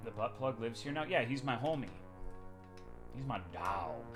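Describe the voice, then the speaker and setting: A man's voice: mid-range voice, very animated, moderate pace, music in the background. A young adult man streaming live, chatting casually with his chat in a crude, rambling, sarcastic way.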